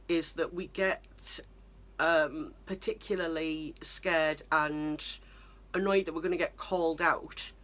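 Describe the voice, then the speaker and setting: A young British woman telling stories in a chatty, exasperated vlog style, with lots of fillers. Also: lowish voice. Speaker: vlogger. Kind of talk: storytelling vlog.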